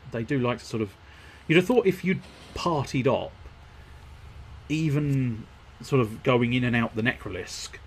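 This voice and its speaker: A man's voice: fairly low pitch, slight background noise. A man chatting casually on a live game stream, wordy and politely formal, with frequent fillers and restarts. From United Kingdom.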